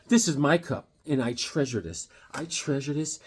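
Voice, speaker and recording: A man showing off his comic book collection in a casual, jokey vlog, with sudden loud exclamations. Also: medium pitch, animated, moderate pace, hardly any pauses, husky. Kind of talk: casual show-and-tell vlog.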